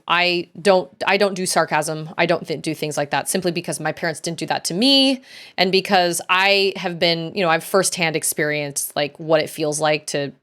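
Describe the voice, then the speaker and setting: A woman's voice: on the low side, fairly bright tone. A woman in her thirties chatting casually while streaming a game, telling family stories and acting out quoted voices. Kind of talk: casual gameplay chat.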